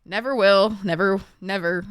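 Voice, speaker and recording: A woman's voice: mid-range voice, normal speed, smooth, no echo, clean studio sound. A young woman streamer chatting casually with her viewers, full of "like" and frequent swearing. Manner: chatty, swears a lot, fillers like "like". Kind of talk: casual live-stream chat.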